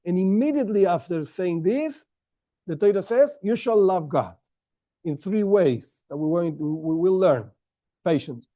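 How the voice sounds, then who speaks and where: Lively, high-voiced man teaching a class. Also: a little slow. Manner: conversational, thinking aloud with rhetorical questions; lively, with frequent restarts and okays. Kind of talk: lecture to a class.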